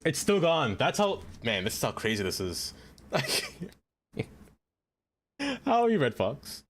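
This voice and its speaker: A man's voice: medium pitch, huge pitch swings, measured pace. A young man from the Allentown area chatting casually with his stream chat while playing a city-building game. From Allentown area, Pennsylvania. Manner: chatty, greets chat, laments abandoned rail. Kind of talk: casual gameplay commentary.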